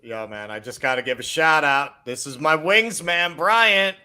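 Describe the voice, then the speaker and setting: A man's voice: a little high, a little slow, sharp tone, clean tone. A man from New York co-hosting a livestream, chatting casually in a blunt, profane, jokey way. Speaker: show co-host.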